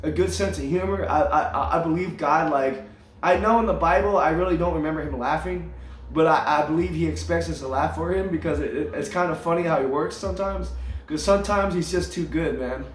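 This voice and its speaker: A man's voice: fairly high pitch, brisk. A man in a casual spoken testimony, talking earnestly. He ends almost every phrase with "man", repeats his words and laughs often. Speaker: storyteller sharing his faith. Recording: echoey room with faint music.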